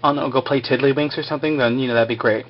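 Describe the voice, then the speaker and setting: A man's voice: mid-range voice, fairly even intonation, very fast, highs cut off, close to an everyday voice. A man putting on a stressed leader, hesitant, dismissive.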